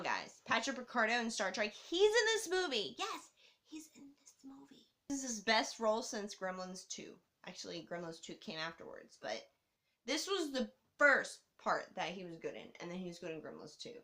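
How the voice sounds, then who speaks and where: A young woman hosting a casual movie review countdown, excitable and swearing, laughing and swooping up and down as she talks. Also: a little high. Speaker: host.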